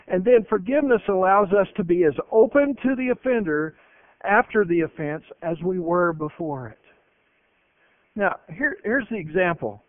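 This is a man preaching a sermon, his voice sitting high and moving at a normal speed. He is emphatic and tells stories with animated energy. The recording is dry with no echo and has a narrow, phone-like broadcast sound.

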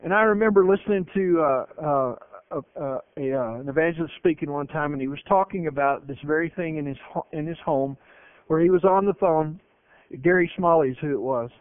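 A man's voice: fairly high pitch, a little fast, clear, resonant tone, no echo. Emphatic preacher man, tinny dry sound. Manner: emphatic, with animated storytelling. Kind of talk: sermon. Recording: narrow phone-like broadcast sound, dry.

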